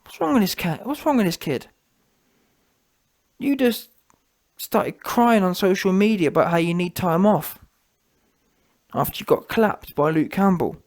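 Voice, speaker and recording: High-voiced male vlog host; scornful, animated boxing rant. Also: measured pace, pauses often. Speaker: boxing commentator. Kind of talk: ranting commentary vlog.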